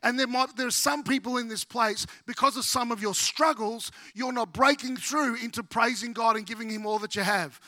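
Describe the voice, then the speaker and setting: A middle-aged Australian man, a pastor preaching a sermon with humorous, animated storytelling. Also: very high voice, moderate pace, hardly any pauses, no echo.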